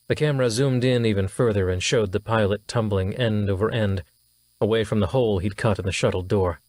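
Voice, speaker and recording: A man narrating a science fiction audiobook in a steady, even storytelling manner. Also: on the low side, a little fast, no echo. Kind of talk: scripted narration.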